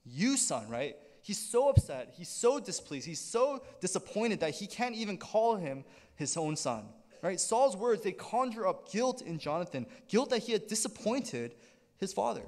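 High, lively male preacher in echoey hall. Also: moderate pace. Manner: animated preaching with frequent "right?" check-ins. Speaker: pastor. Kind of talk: sermon. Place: church sanctuary.

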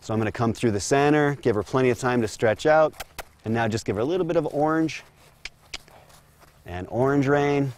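Calm man coaching a horse lesson. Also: mid-range voice, brisk, pauses often, slight background noise. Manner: calm, steady coaching while working a horse. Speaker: horse trainer. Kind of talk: instructional demonstration. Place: outdoor round corral.

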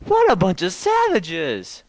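A man voicing a dim-witted male saber-toothed tiger in a comic routine, slow and easily shocked. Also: on the high side, animated, no room sound, voice pushed up.

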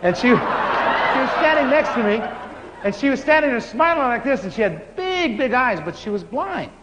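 A man preaching, telling stories with animated laughter. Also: very high voice, normal speed. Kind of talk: sermon storytelling. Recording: muffled hall recording with faint hiss.

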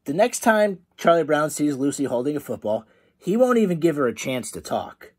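Male teacher reading a kids' story aloud, lively pitch swings, slightly high voice. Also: moderate pace. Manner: animated, friendly reading. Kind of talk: storybook read-aloud for children.

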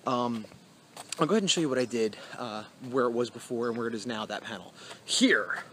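A man's voice: medium pitch, brisk, fairly bright tone, slight background noise. A man vlogging casually outdoors on an evening walk, rambling and self-deprecating, with many fillers. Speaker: comic artist vlogger. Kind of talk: casual vlog talk.

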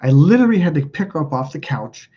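A man's voice: a little high, animated, quick pace, dark tone, breathy edge, dull audio. A man hosting a live stream, telling stories in a blunt, profane, self-mocking casual chat. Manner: blunt, profane, laughs at himself.

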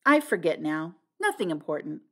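An excitable young woman, as a female reader plays her, her lines bursting out high and eager. The pitch leaps and swoops throughout. It is a storybook reading. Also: normal speed, exaggerated voice. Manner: breathless, high, eager outbursts.

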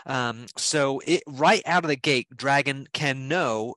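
A man's voice: medium pitch, slow pace, bright, forceful tone, dry recording, low-quality recording. Easygoing guy explaining a program, repeats himself, dry sound. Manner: friendly, repeats himself, restarts often. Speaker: guest expert. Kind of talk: casual explanatory chat.

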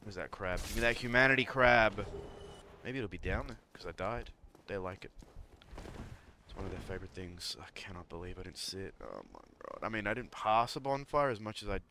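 A man's voice: sits low, sing-song, fairly quick, a bit bright, slight background noise. A young man streaming live, muttering and scolding himself as he talks to chat over gameplay.

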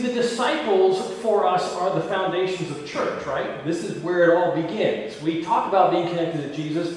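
A male pastor preaching a sermon in a conversational way, with asides and quoted dialogue. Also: high voice. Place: large church sanctuary. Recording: echoey church hall from far off.

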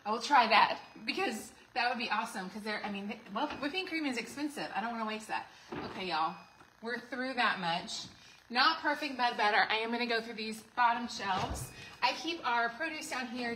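A woman's voice: a little high, slight background noise, rough recording. Chatty woman livestreaming from her kitchen. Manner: chatty, warm asides to viewers, many fillers. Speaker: home organizing vlogger. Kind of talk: casual livestream chat. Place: home kitchen.

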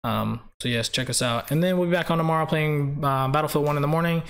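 This is a man with a somewhat high voice hosting a game live stream. He rambles casually, reads viewer names off the chat and laughs a lot between sentences. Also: quick pace, vocal fry, a bit bright.

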